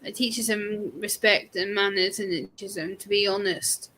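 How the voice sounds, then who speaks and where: A woman in a casual group chat, direct and expressive, telling a funny story and laughing easily. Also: mid-range voice, moderate pace, a little hiss or hum.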